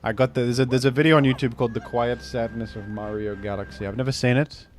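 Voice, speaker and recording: A man's voice: medium pitch, steady tone, quick pace. A young man streaming a game, reading chat with dry, joking banter. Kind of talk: casual gameplay commentary.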